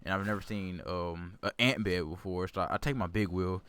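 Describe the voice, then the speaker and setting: Male gaming host, lowish voice, casual rambling storyteller. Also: fairly even intonation, fairly quick, a bit bright, clear, resonant tone. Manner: rambling, repeats words, self-corrects. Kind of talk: casual storytelling over gameplay commentary.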